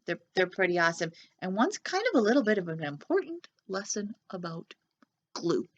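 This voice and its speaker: A woman's voice: medium pitch, expressive, fairly quick, fairly bright tone, muffled recording. A young adult woman, a children's librarian, hosting a storytime with a cheerful, reassuring manner.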